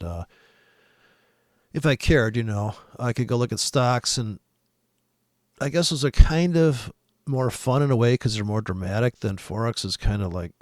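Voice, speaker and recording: A man's voice: medium pitch, no echo, clean studio sound. A man giving a rambling, profane forex market commentary, swearing often and laughing at his own jokes. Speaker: forex trader giving weekly forecast.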